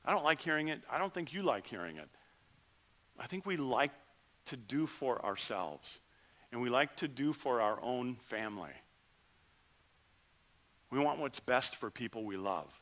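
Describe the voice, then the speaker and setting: A middle-aged male pastor giving a conversational sermon, swinging between lively rises and quiet drops. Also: medium pitch, normal speed, long pauses.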